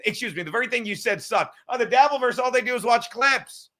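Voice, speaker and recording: A man's voice: very high voice, animated, quick pace, a bit bright. A man hosting a livestream, ranting and mocking in a profane, combative way. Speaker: livestream host.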